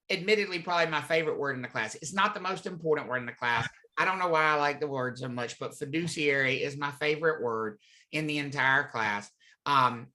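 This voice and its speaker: This is a live real estate lecture given by a man who keeps things conversational and regularly asks the students questions, whether in a classroom or an online session. He sounds a little high, bright and forceful.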